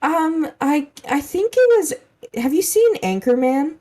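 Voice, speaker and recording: A young woman co-hosting a podcast, chatting in a relaxed, rambling way and laughing along. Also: high-pitched, measured pace. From Canada. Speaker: podcast co-host. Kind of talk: casual chat.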